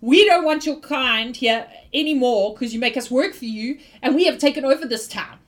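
A woman's voice: a little high, a little slow, a bit bright. A woman voicing a bumbling, self-important man who has declared himself leader of a fantasy town. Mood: indignant. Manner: pompous, blustering.

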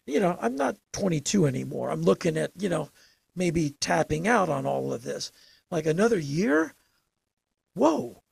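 Gravelly older man, emphatic storyteller. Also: a little high, normal speed, dry recording. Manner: emphatic, animated storytelling with sudden bursts. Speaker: interview guest. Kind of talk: casual storytelling interview.

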